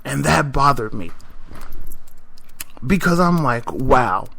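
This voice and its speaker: A man's voice: mid-range voice, very animated, slow, vocal fry, sharp tone. A man hosting a podcast, telling a story in a casual monologue, emphatic and repeating himself as he makes his point. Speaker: podcast host.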